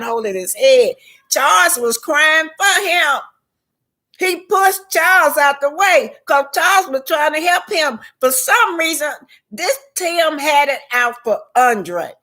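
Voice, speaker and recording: A woman's voice: high voice, pushed and bright. A woman giving casual vlog commentary on show clips. She talks emphatically, speaks straight to her viewers and repeats her points.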